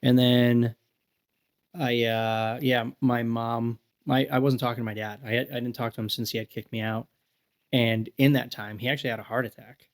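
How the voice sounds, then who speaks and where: A man in his thirties tells a long personal story on a podcast. His voice sits at an ordinary middle pitch, and he rambles with constant fillers. He jumps into high-pitched impressions of the people he quotes. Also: flat delivery, moderate pace. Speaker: podcast guest. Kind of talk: casual storytelling chat.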